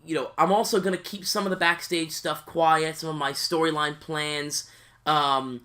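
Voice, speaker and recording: A man's voice: a little high, fairly even intonation, moderate pace, pushed and bright. A man hosting a gaming channel, chatting casually to viewers from home with lots of fillers and restarts. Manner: rambling, many fillers and restarts. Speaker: YouTube gaming channel host. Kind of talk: casual let's-play talk to viewers. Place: home, sitting on a creaky seat.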